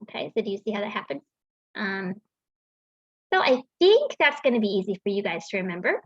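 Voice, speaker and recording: A woman's voice: mid-range voice, sing-song, fairly quick, breathy edge, dry recording. A woman teaching a writing lesson, explaining patiently with frequent ums and restarts. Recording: dull, lo-fi sound in a dry room.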